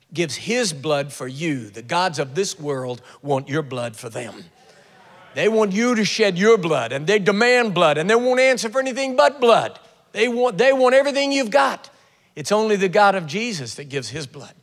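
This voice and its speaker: A man preaching a sermon, telling a scripture story with animated retellings and sudden loud bursts. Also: sits high, long reverb tail.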